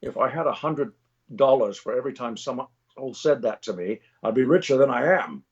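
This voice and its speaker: A man's voice: mid-range voice, animated, fairly quick, slightly rough. A wry older film star speaks in an offhand, worldly drawl, as a man does the impression. The voice sits in a middle register and comes through a dull, lo-fi recording.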